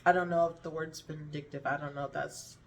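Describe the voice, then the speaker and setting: A woman's voice: sits low, fairly even intonation, a little fast, recorded from a distance, a little hiss or hum. A woman telling a personal story to camera in a frank, meandering, profane way, trailing off and restarting, a little slurred from hunger. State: hungry, slurring words a little. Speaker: vlogger.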